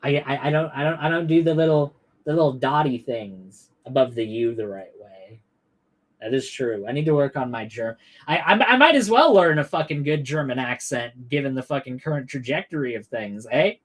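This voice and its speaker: A man's voice: mid-range voice, moderate pace. A man hosting a political livestream, ranting sarcastically with heavy swearing and mock outrage. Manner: sarcastic, swearing, animated rants. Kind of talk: profane political commentary.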